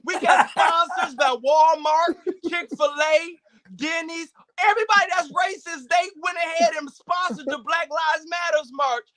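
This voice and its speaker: Male stand-up comic, very high bright voice, energetic preacher-style delivery. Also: measured pace, a little hiss or hum. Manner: animated, preacher-like call-outs. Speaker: guest comedian. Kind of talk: stand-up comedy set.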